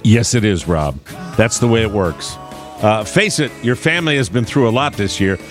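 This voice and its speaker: A man's voice: on the low side, normal speed, faint music behind. A man hosting a comedy podcast in casual chat, joking and reading ads. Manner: playful, jokey, animated. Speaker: podcast host.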